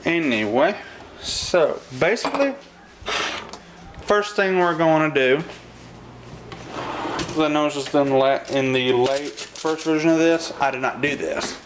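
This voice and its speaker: A man's voice: fairly high pitch, slow pace, pauses often. A man hosting a casual home cooking video, rambling with lots of fillers and restarts in his kitchen. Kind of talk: casual cooking vlog talk. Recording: noisy home kitchen recording. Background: clattering dishes and cutlery.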